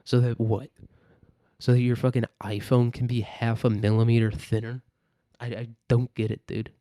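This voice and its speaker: A man's voice: mid-range voice, level tone, normal speed, mellow, no echo, studio quality. Profane, sarcastic man ranting solo. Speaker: podcast host. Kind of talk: casual solo rant.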